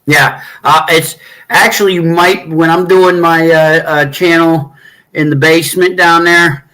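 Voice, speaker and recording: Middle-aged guy rambling slowly in a hotel room, keeps clearing his throat, bright edgy voice. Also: a little high, steady tone, low-quality recording. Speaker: streamer chatting with viewers. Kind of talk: casual chat.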